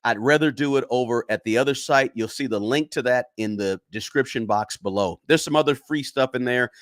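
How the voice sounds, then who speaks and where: A chatty man hosts a casual finance livestream. He talks straight to his viewers at a middle pitch and often repeats himself. The sound is dry and close, with no room around it. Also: a little fast, no echo.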